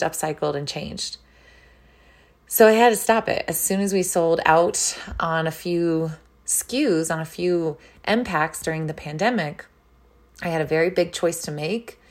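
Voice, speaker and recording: A woman with a low, grounded voice talking through a reflective personal monologue. She speaks in an earnest, heartfelt way, with soft laughs now and then. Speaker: wellness entrepreneur.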